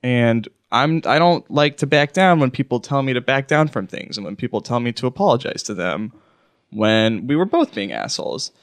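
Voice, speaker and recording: A man's voice: mid-range voice, animated, moderate pace, no echo. Stuttery man telling a story. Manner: stuttery, restarting sentences. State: keyed up. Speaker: podcast co-host. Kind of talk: casual storytelling chat.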